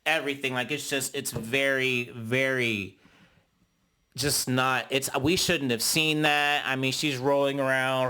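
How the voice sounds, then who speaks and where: A young man giving a sassy, dramatic recap of a reality show, often mimicking cast members in high voices. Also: steady tone, measured pace, sharp tone, clean tone. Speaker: YouTube reality TV reviewer. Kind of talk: casual commentary recap.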